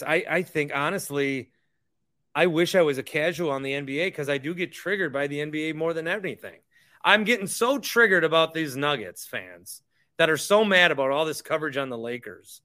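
On the high side and pushed bright, this young man's voice carries a heated, repetitive rant. He is a sports podcast host speaking casually.

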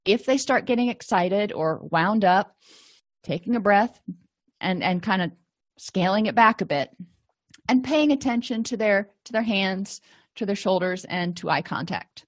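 A woman's voice: mid-range voice, measured pace. A woman teaching therapy skills to clinicians in a conversational way, often acting out short sample dialogues. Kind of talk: lecture to clinicians.

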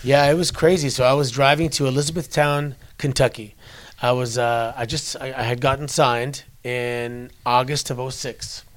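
In a casual convention interview in New York, a man in his forties, formerly a wrestler and from Canada, tells stories with many restarts. His voice is medium-pitched and steady at a moderate pace.

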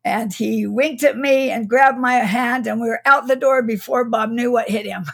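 Unhurried and slightly rough with vocal fry, a middle-aged woman's slightly high voice stays fairly even as she tells a childhood story. As a guest author being interviewed, she reflects, laughing softly and restarting sentences now and then.

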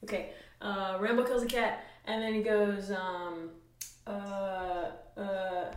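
A woman's voice: mid-range voice, steady tone, slow pace, recorded from a distance. A woman answering as a comedy panelist, hesitant and giggly. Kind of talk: comic improv answers. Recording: echoey room with background noise.

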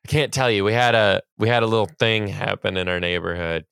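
A man co-hosting a podcast, chatting casually and reacting in an expressive way with plenty of laughter. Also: lowish voice, brisk, vocal fry, clean tone, no echo, clean studio sound. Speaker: podcast co-host. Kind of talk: casual chat.

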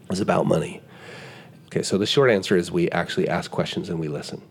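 A man as a podcast guest, explaining ideas in casual conversation and telling an animated story, acting out what people said, often restarting his sentences. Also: sits low, quick pace, creaky, slightly rough.

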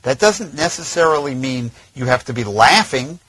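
A man coaching voiceover technique in a measured, friendly instructional talk. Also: mid-range voice, expressive, pushed and bright, breathy edge, dry recording, low-quality recording. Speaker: voiceover trainer.

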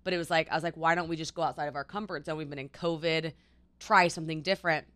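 A woman's voice: deep voice, fairly even intonation, fast, a bit bright. A young woman co-hosting a podcast, talking in an earnest, reflective way. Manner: earnest, reflective, many restarts. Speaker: podcast co-host. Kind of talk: casual chat.

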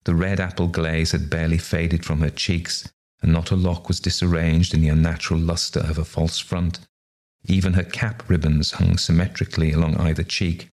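A man reading a ghost story aloud in a measured, even storybook narration. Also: low-pitched. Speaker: story reader.

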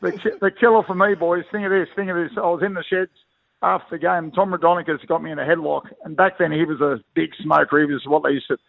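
A man's voice: fairly high pitch, fairly even intonation, quick pace, creaky. A middle-aged Australian man, a retired rugby league player, telling rambling blokey stories as a guest. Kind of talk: phone interview, storytelling. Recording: tinny phone line.

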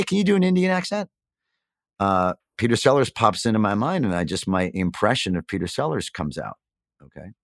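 A man in his fifties from New York, a guest in a candid interview, telling his story earnestly and reflectively with animated emphasis. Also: low voice, dry recording, studio quality. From New York, USA. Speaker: podcast guest.

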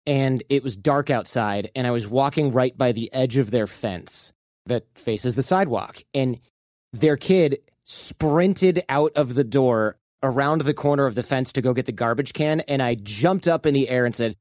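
Relaxed male podcast host, dry sound. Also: mid-range voice, moderate pace, no echo. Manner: relaxed, tells anecdotes, thinks aloud. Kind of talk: conversational interview.

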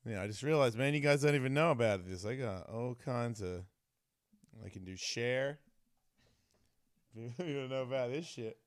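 A man's voice: medium pitch, normal speed, pauses often, clear, resonant tone, no echo, clean studio sound. A man with an Australian accent hosting a casual show, laughing often and swearing freely. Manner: laughing, crude, swearing a lot. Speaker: host. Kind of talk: casual live show chat.

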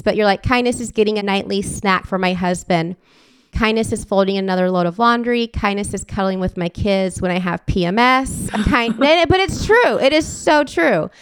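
A woman's voice: medium pitch, smooth, no room sound. A woman in her forties hosting a podcast, telling heartfelt stories in an earnest, emotional way. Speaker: podcast host. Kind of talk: casual podcast conversation.

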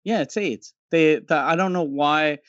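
A man chatting casually on a podcast, talking in halting bursts and restarting his sentences often. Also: fairly high pitch, a bit bright, dry recording. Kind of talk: casual chat. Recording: dull lo-fi mic.

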